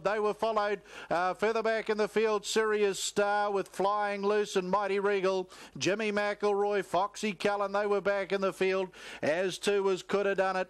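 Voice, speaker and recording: A man calling a harness race, rattling off horse names and positions in rapid commentary. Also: high voice, little pitch movement, clean tone, no room sound. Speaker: race caller.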